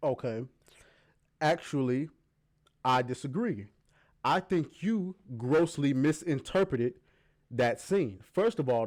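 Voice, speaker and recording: A man's voice: medium pitch, darkish tone. A man giving heated, argumentative reaction commentary on a video clip, emphatic and swearing often.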